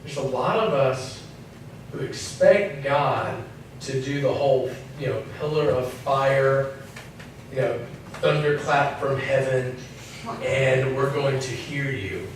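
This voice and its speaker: Speaking slowly in a mid-range voice, a man delivers a chatty, joking sermon to a young crowd, putting on little voices as he goes. It's recorded in an echoey church hall from a distant mic, with faint noise.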